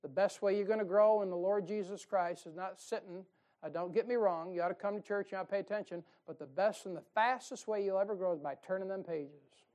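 A man's voice: high-pitched, fairly quick, darkish tone. A man preaching a fiery sermon from a church pulpit, folksy and emphatic. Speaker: pastor. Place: church sanctuary.

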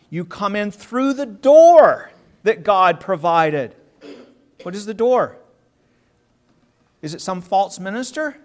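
A man preaching a sermon in an earnest, emphatic way, drawing out key words and repeating himself as he restarts. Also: sits high.

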